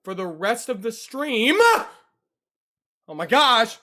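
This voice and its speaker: Speaking slowly in a very high-pitched, expressive voice with a sharp tone, this young streamer chats casually with his audience. He addresses chat directly, says the same things over again, and is quick to get startled.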